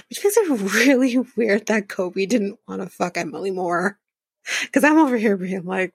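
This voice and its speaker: A woman's voice: medium pitch, expressive, measured pace, long pauses, husky, no echo. A woman hosting a podcast, recapping a reality show in a casual, profane and sarcastic way, often laughing. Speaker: podcast host.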